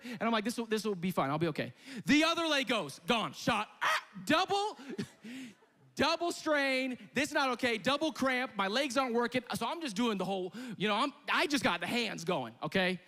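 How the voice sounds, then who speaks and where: A young man preaching with a high, lively voice that swings from joking to shouting. His story rings out with a long reverb, as in a large church hall. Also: moderate pace. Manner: animated and comic, shouting at peaks. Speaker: pastor. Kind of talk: sermon storytelling.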